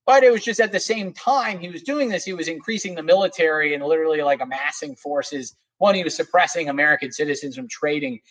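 A man's voice: a little high, fast talker, few pauses, a bit bright, rough recording. A man speaking as a guest historian in a casual podcast interview, rambling with many fillers and restarts.

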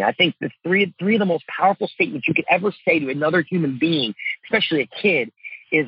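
A man's voice: a little high, quick pace, husky, no echo, highs cut off. A middle-aged man, a father and coach, talking earnestly in a casual interview, with lots of fillers. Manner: earnest, heartfelt, many fillers like "you know" and "man".

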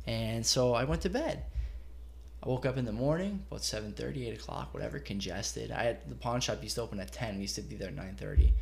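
A man casually telling a long anecdote on a podcast, swearing freely and animated. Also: mid-range voice, fast talker, vocal fry. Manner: profane, animated retelling with acted quotes. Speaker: storyteller guest.

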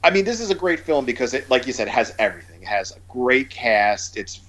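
A man's voice: mid-range voice, big pitch swings, a little fast, fairly bright tone. A man talks casually about movies in an ordinary mid-range voice. He rambles, circling back with fillers and restarts as he goes.

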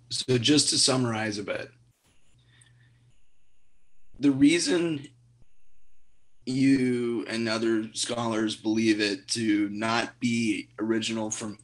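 A man hosting a podcast interview, with a lowish voice. He talks in a conversational, halting way, trailing into fillers as he thinks. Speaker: podcast host.

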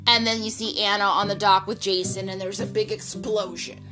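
A woman at an ordinary pitch tells a soap opera recap as lively, gossipy chat and peppers it with slang and swearing. When she gets excited, her voice jumps high and loud. Music plays clearly behind her voice. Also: normal speed, few pauses.

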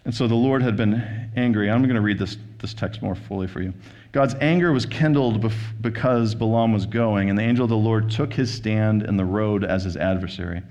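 A male pastor giving a sermon, retelling and reading a scripture story in a relaxed, conversational manner. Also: fairly low pitch, fairly quick, few pauses, highs cut off. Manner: conversational storytelling, paraphrasing scripture with quoted voices.

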